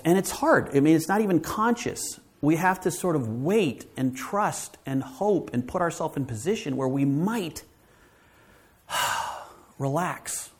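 A man giving a sermon as a guest speaker at a church, telling stories in an animated way, acting out quoted voices and often asking "right?". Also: a little high.

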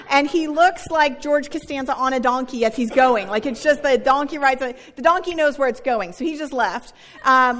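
High-voiced chatty woman pastor. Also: fairly bright tone, in a large hall. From Northern California. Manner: chatty and self-deprecating, with frequent "right?" asides. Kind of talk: sermon.

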